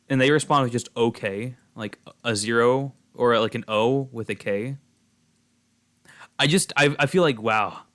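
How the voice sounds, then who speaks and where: A man's voice: medium pitch, a bit bright. A young man streaming a game and chatting casually with viewers, rambling with lots of fillers and restarts. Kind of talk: casual chat while gaming.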